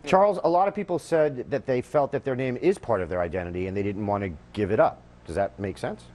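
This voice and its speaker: A man's voice: mid-range voice, quick pace, darkish tone. A man hosting a late-night talk show panel, with sarcastic, jokey remarks in a TV studio. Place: television studio.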